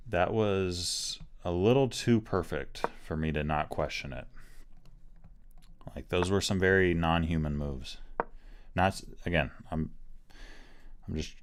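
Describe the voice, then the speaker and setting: A man with a deep, low-pitched voice thinks aloud while playing chess online. He speaks casually and hesitantly, often circling back and hedging his points. He is recorded on a desk mic at a home computer. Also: clear, resonant tone. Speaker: chess streamer.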